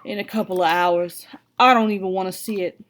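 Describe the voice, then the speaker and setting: A woman's voice: mid-range voice, steady tone, fairly quick, close to an everyday voice. Woman reading as a blunt, protective father. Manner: casual, plainspoken.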